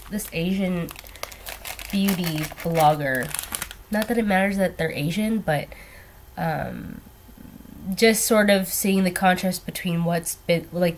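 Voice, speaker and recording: A woman's voice: lowish voice, slight background noise. Young woman rambling through her makeup. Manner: rambling, hesitant, many ums and trailing asides. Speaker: beauty vlogger. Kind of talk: casual get-ready-with-me chat. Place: at home doing makeup.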